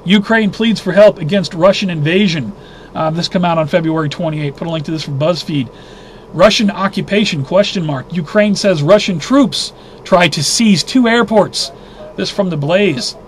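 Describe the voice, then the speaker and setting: Male host, high voice, agitated news roundup, faint hiss behind. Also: normal speed. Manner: agitated, indignant, thinking aloud with restarts. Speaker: host of a weekly news briefing. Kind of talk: casual news roundup commentary.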